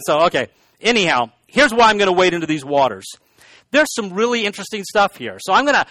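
A man's voice: sits high, a bit bright, no echo. A man preaching a sermon in a conversational way, full of asides and restarts. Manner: conversational, self-deprecating asides, frequent restarts. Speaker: pastor.

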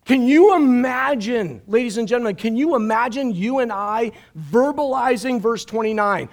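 Animated high-voiced male pastor preaching. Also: a little slow, creaky. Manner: animated, jokey asides, repeats words. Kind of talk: live-streamed sermon. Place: church stage.

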